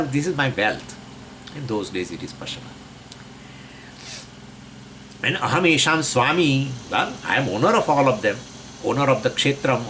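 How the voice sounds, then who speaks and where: A man's voice: mid-range voice, a bit bright, a little hiss or hum, low-quality recording. A man teaching a lecture on Sanskrit scripture. He explains the terms in English and asks and answers his own questions.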